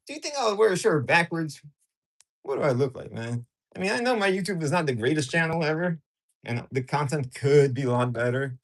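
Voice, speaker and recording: Excitable man chatting to his stream. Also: on the high side, normal speed, gravelly. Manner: excitable, jumpy, teasing, answers chat messages aloud. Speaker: live streamer. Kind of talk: casual live-stream chat with viewers. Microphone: camera on a tripod.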